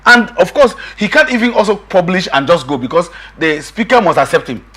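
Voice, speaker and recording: Middle-aged male guest, husky, high and animated, emphatic and insistent. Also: a little fast. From Nigeria. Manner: emphatic, repeats himself, quotes others in raised voice. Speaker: political guest. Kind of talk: animated political discussion.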